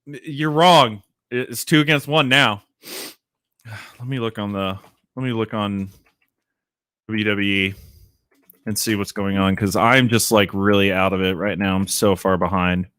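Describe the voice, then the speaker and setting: Animated man hosting a casual livestream. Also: on the low side, measured pace, long pauses, no echo, clean studio sound. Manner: rambling, animated, swearing, laughing at himself. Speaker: livestream host.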